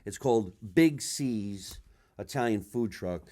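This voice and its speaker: A middle-aged man, hosting a comedy podcast with loud, animated chat, swearing freely and acting out voices in his stories. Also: fairly low pitch, takes it slowly. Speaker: podcast host.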